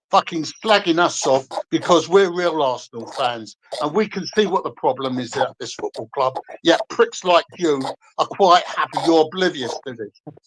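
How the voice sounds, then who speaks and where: A man's voice: a little high, background noise. A man calling in to a fan stream, ranting angrily and swearing at another fan. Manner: angry, swearing, combative. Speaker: guest caller. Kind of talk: heated fan rant.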